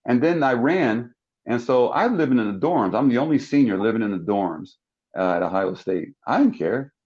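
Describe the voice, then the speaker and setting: A man in his sixties from South Jersey, a talk show guest telling animated stories and acting out the people in them. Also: normal speed, dull audio. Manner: acts out quoted people with big pitch jumps. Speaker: talk show guest, former football player. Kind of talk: animated storytelling.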